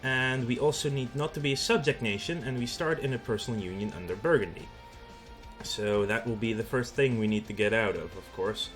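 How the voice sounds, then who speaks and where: A man's voice: medium pitch, fairly quick, a bit bright, faint music behind. A Dutch man with a Dutch accent hosting a let's play, explaining the game in a casual way with frequent fillers. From Netherlands. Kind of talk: gameplay commentary.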